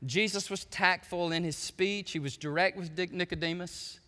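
A man preaching a sermon as pastor, folksy and animated, swinging from hushed asides to shouting. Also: high voice, normal speed, long reverb tail.

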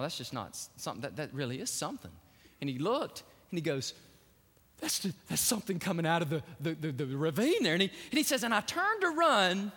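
A man preaching a sermon, telling a story with lively acted-out voices. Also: a little high. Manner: animated storytelling, acting out quotes. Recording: long hall reverb.

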